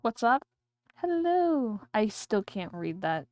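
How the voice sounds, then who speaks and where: A woman's voice: medium pitch, big pitch swings, slow, a little mellow. A woman streamer chatting casually and rambling while she draws on a livestream. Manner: chatty, rambling, thinking aloud.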